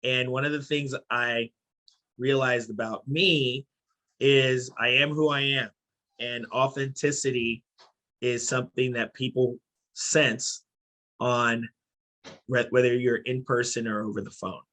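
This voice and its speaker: A middle-aged man from Haiti and New York, speaking as a podcast guest in a thoughtful, measured way. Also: medium pitch, steady tone, bright, forceful tone. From born in Haiti, raised in New York. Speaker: podcast guest, company CEO. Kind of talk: casual podcast interview.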